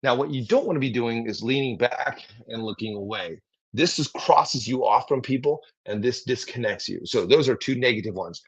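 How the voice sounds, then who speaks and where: A man coaching on public speaking during a livestream, lively, acting out example replies as he teaches. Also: mid-range voice, normal speed, breathy edge. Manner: energetic, demonstrates tones and acts out example replies. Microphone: livestream mic. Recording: slightly dull lo-fi audio.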